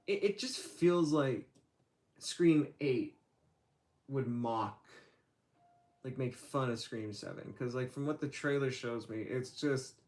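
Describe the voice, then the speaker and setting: A man's voice: mid-range voice, slow pace, long pauses, a little mellow. A man hosting his own livestream, chatting casually with lots of fillers and restarts. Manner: rambling, hesitant, many fillers. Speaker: channel host.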